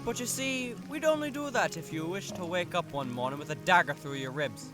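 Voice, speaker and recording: A smug thug from a fantasy game, voiced by a man, sneering as he makes cold threats. His voice sits a touch high for a man. Music plays faintly behind him. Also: expressive, a little fast, bright, forceful tone. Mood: menacing. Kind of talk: game character dialogue.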